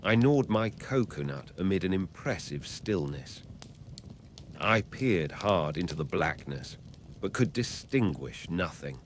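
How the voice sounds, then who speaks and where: A man reading a classic novel aloud as an audiobook narrator, in a measured, even storytelling manner. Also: deep voice, slight background noise.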